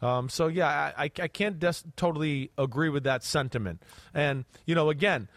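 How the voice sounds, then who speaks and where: A man's voice: on the high side, normal speed, a bit bright, no echo. A man co-hosting a football podcast, talking bluntly and emphatically, swearing and hammering points home. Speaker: podcast co-host, draft analyst. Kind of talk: casual football podcast chat.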